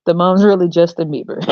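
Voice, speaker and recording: A woman hosts a podcast and rants bluntly, swearing freely. Her voice is low and mellow. The recording is dry and a little dull. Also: no room sound. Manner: blunt, profane, ranting. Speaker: podcast host. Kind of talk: ranting podcast monologue.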